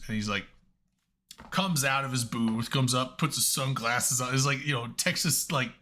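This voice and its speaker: Animated, swearing storyteller man. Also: medium pitch, brisk. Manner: profane, animated storyteller acting out dialogue. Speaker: podcast co-host. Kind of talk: casual storytelling chat.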